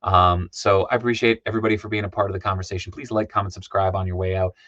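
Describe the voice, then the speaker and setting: A man's voice: low-pitched, level tone, fast talker, a bit bright, no room sound. Man on a livestream, losing his voice. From Minnesota. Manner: rambling, lots of ums and uhs. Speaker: livestream host. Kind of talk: casual livestream sign-off chat. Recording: dull lo-fi dry sound.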